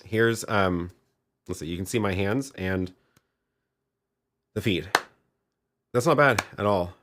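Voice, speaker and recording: Low-voiced man thinking aloud on a livestream. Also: slow, a bit bright, slight background noise. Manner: thinking aloud, trailing off with restarts. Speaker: livestream host demoing video gear. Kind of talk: casual live tech demo.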